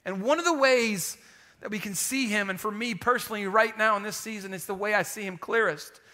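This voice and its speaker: A male pastor preaching with lively, joking energy, the voice pitched high and bright. He calls for responses from the room and now and then sinks to a near-hush for emphasis. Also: a little fast. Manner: animated, call-and-response preaching with humor. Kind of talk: sermon.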